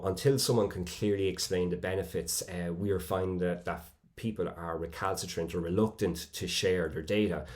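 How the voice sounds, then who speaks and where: Very low-voiced man giving a conference talk. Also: darkish tone. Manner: measured, with frequent fillers and restarts. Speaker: conference presenter. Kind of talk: conference presentation.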